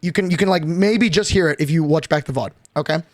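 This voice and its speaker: Young male streamer, high-pitched, excitable storyteller, casual swearing. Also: fast talker, dry recording, clean studio sound. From Australia.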